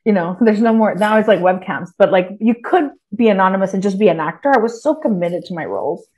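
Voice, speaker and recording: A woman in her forties from Texas, a guest writer talking in a lively, rambling way full of restarts. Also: mid-range voice, quick pace. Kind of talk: casual interview chat.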